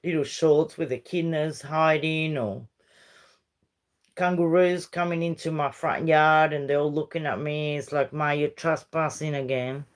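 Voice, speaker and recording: A deep-voiced, middle-aged Uruguayan woman hosts a casual livestream, chatting with her viewers at an unhurried pace. Her talk rambles from one story to the next, and she slips easily back and forth between English and Spanish.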